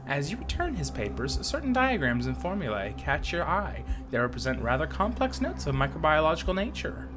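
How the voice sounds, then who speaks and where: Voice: medium pitch, big pitch swings, a little fast, few pauses, over music. A game streamer reading a story game aloud with playful, self-mocking commentary and frequent laughter.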